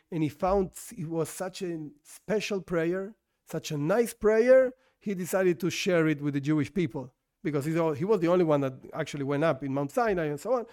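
A man's voice: sits high, a little mellow. A man whose first language is not English, teaching an informal Torah lesson in a conversational way that corrects itself as he goes and asks and answers his own questions.

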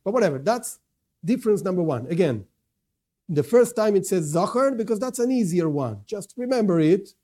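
A male Torah teacher gives a religious lesson to non-Jews in a high-pitched, dark-toned voice with lively intonation at normal speed. He is emphatic, often repeating himself and correcting his wording mid-sentence.

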